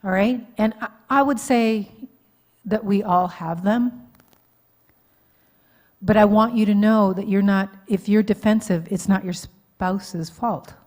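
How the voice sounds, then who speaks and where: A woman counselor speaks to a live church audience in an easy, conversational way. She keeps checking that people follow her and pokes fun at her own slips. Her voice sits at an ordinary middle pitch. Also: darkish tone. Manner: informal, checks in with the audience often, laughs at herself. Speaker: marriage counselor and conference speaker. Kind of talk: conversational teaching talk. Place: church hall, live event.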